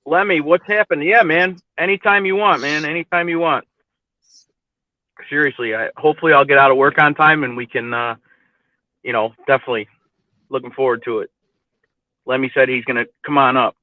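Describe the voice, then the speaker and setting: A man's voice: on the high side, fairly even intonation, a little fast, pauses often, no echo. A man hosting a casual stream chat, easygoing and rambling, laughing often. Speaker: host. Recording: dry, phone-like audio.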